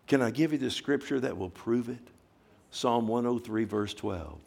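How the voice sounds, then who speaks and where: Male pastor mid-sermon, emphatic, swinging from loud bursts to hushed emphasis, calls for "amen". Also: mid-range voice, expressive, measured pace, gravelly. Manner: emphatic preaching with call-and-response questions. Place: church service.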